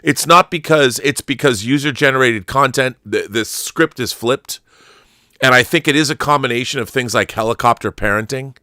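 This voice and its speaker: Speaking at a moderate pace, a middle-aged channel host with a medium-pitched, bright, forceful voice tells emotional stories in a casual, rambling chat full of restarts. The recording is studio quality with no echo.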